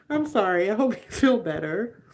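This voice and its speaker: A woman's voice: mid-range voice, a little mellow, slight background noise. A woman in her twenties hosting a casual live stream, chatting with viewers in a playful way, laughing often and dropping slangy asides.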